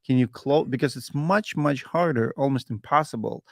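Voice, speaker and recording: Casting: male podcast host, mid pitch, curious questioner, dry close sound. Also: moderate pace, creaky, no room sound. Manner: asks questions, non-native phrasing. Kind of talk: casual podcast interview.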